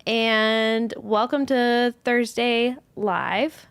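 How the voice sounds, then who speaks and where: A woman's voice: fairly high pitch, steady tone, extremely slow, clean tone, no echo. A woman hosting a casual livestream, chatting and greeting viewers one by one by name, a little scattered as she reads comments. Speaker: host, yarn studio owner.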